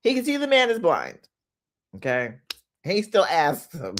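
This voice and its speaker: Lively preachy woman coach. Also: fairly low pitch, unhurried, a little hiss or hum. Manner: animated, preachy, playful, laughs often, hollers for emphasis. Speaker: host, manifestation coach. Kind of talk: motivational talk.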